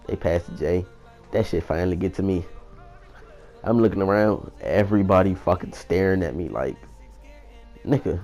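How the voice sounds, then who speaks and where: A young man casually telling a personal story in a rambling, profane, animated way. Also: low-pitched, moderate pace, creaky, pauses often, soft background music. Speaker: vlogger.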